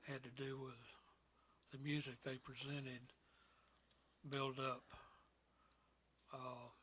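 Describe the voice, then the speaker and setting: Soft-spoken, flat-toned man. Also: mid-range voice, a little hiss or hum. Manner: soft-spoken, unhurried, folksy sayings. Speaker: podcast co-host. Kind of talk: casual chat about films.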